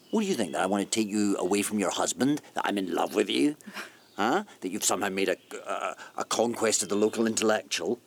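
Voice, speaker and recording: An actor playing a bitter, brooding provincial schoolteacher in a radio play, swinging between loud outbursts and hushed whispers. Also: male voice, deep voice, gravelly, slight background noise.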